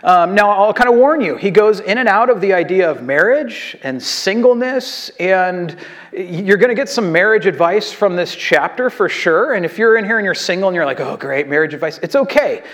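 A male pastor delivering a conversational, self-deprecating sermon. His speaking voice sits notably high for a man. He talks to the congregation like a friend, sprinkling in fillers and starting sentences over. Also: expressive, normal speed, fairly bright tone.

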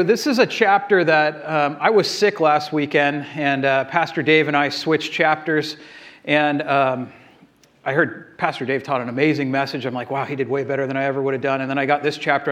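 A male pastor preaching a sermon in a conversational, self-deprecating way, using fillers and restarts. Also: on the high side.

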